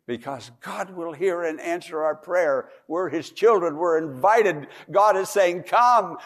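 A man preaching a sermon as a pastor, moving from hushed tones to loud pleading and repeating words. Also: fairly high pitch, unhurried.

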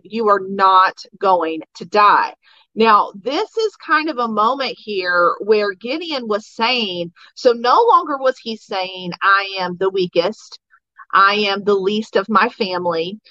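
A woman's voice: medium pitch, a bit bright, dry recording, lo-fi sound. A woman hosting a devotional podcast, retelling a Bible story in a casual, enthusiastic way with many asides.

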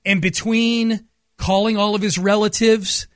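A man hosting a sports radio show, upbeat and storytelling, slowing down on key words. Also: high-pitched, flat delivery, dry recording, studio quality. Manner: upbeat, storytelling, slows for emphasis. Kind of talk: casual sports radio talk. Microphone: studio microphone.

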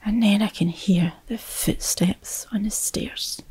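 A woman, a mother, telling a personal story in a reflective way, often dropping to a hushed whisper. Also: mid-range voice, steady tone, slow, breathy edge.

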